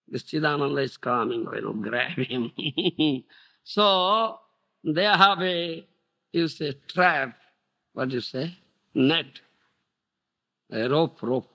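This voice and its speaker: A middle-aged man with an Odia accent giving a devotional lecture, checking on his listeners and breaking into loud chanted verses. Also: on the high side, gravelly. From India. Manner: animated, repeats "Do you understand?", breaks into loud chanted verses. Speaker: spiritual teacher giving a lecture. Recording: 1991 archival lecture tape.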